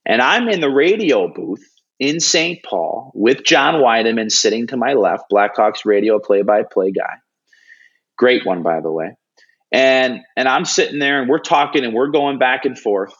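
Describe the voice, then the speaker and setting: A man's voice: mid-range voice, measured pace, husky, highs cut off. A young man, a hockey broadcast analyst, telling a story in an interview, earnest, with restarts and fillers, acting out what people said. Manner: animated storytelling, acting out quoted lines.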